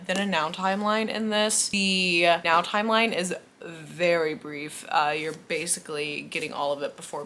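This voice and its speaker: A woman's voice: fairly low pitch, fairly bright tone, slight background noise. Sleepy, chatty young woman vlogging late. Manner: chatty, self-mocking, yawning. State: sleepy, tired. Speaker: book vlogger. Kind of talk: casual late-night vlog chat. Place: at home indoors.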